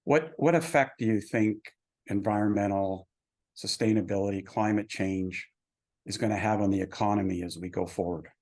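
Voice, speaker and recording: A man with a fairly low voice hosts a business webinar. He asks his questions haltingly, restarting and repeating words as he goes. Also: darkish tone. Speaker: webinar host. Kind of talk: asking interview questions.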